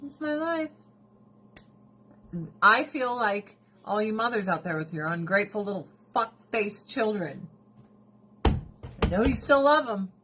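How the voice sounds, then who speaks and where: A woman's voice: mid-range voice, unhurried, pauses often. Blunt, profane woman livestreaming. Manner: blunt, profane and expressive, often laughing. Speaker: livestream host. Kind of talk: casual livestream chat.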